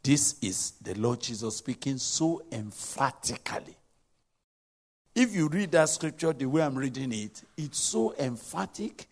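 A man preaching a sermon, emphatic and repetitive, swinging between loud exhortation and hushed asides. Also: medium pitch, big pitch swings, moderate pace.

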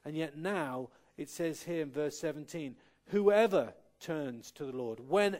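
A man's voice: on the high side, lively intonation, unhurried, few pauses, darkish tone. A man from Cornwall preaching a sermon, earnest, with light humorous asides and frequent restarts. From Cornwall, England.

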